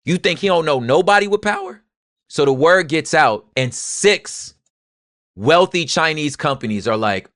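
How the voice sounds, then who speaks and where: Animated man with street-talk swagger. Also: fairly high pitch, a little slow, no room sound, studio quality. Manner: animated, swings from quiet asides to loud street-talk outbursts. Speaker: podcast co-host. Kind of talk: casual history commentary.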